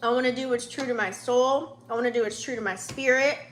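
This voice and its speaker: A woman's voice: fairly high pitch, steady tone, brisk, slight background noise. A woman in her late thirties giving a casual, profane, heartfelt pep talk in a spiritual vlog, with many fillers. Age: 30s. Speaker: vlogger.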